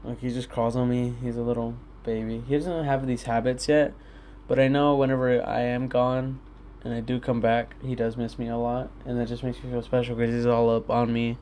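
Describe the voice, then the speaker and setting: A man's voice: mid-range voice, little pitch movement, normal speed, mellow, slight background noise. A young man in his own room, rambling candidly and swearing often in a casual solo talk to his listeners. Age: young adult. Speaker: podcast host.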